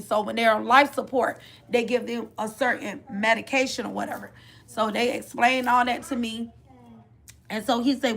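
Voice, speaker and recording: Gravelly-voiced mother giving a testimony. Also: a little high, fairly even intonation, moderate pace, fairly bright tone. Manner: heartfelt, repetitive, restarts phrases, Southern Black church cadence of faith talk. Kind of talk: emotional personal testimony.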